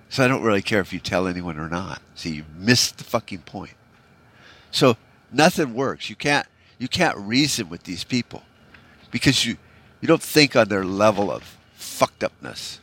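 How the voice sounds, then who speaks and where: Low-voiced man ranting on a podcast. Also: animated, moderate pace, a bit bright. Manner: rambling, profane, frequent "you know" fillers; discouraged, bitter tone. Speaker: podcast host. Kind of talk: solo podcast rant.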